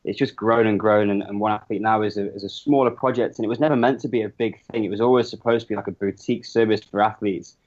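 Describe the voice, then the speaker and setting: This man rattles along quickly in a lowish voice, often stopping and restarting his sentences as he talks about his work. He's a guest on a casual podcast chat. The recording is dull and a bit lo-fi, as if the sound has been muffled. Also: fairly even intonation, a little mellow. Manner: rambling, restarts mid-sentence. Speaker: podcast guest, business co-founder.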